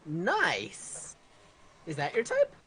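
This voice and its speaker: High, breathy, teasing man. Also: huge pitch swings, drawn-out words, fairly bright tone. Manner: teasing, playful reactions. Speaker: podcast co-host. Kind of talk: casual chat.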